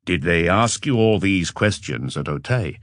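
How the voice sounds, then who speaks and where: A man voicing a calm, courteous police inspector. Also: sits low, no room sound, studio quality. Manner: measured and polite.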